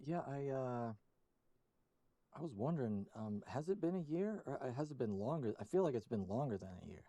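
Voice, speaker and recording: A man's voice: medium pitch, expressive, brisk, warm tone, dry recording, highs cut off. A man appearing as a guest on a casual podcast over a call, talking hesitantly and stumbling over his words. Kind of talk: casual chat.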